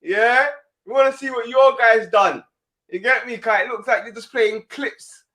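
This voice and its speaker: A man with street co-hosts a live stream, throwing out mocking, fired-up reactions. His voice sits fairly high for a man and stays quick and punchy. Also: sharp tone.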